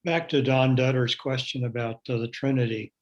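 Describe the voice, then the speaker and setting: A man taking part in a class discussion, speaking in a reflective, deliberate way. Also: medium pitch, steady tone. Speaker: class participant. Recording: muffled lo-fi audio.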